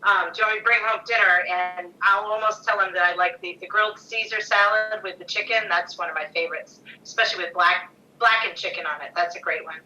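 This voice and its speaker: Bright enthusiastic woman, a bit off-mic. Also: mid-range voice, steady tone, fast talker, far from the mic, lo-fi sound. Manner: enthusiastic, laughs often. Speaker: guest, co-owner's wife. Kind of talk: casual chat.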